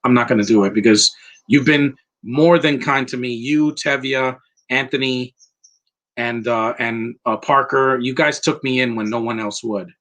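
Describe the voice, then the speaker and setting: A man's voice: medium pitch, normal speed, a bit bright. A man giving a casual live movie commentary, talking in a sentimental, rambling way and getting emotional.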